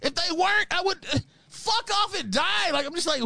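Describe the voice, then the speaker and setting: A man hosting a livestream, delivering an angry, profane rant that swings between yelling and low muttering, mocking his critics. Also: fairly quick, gravelly, dry recording. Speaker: livestream host.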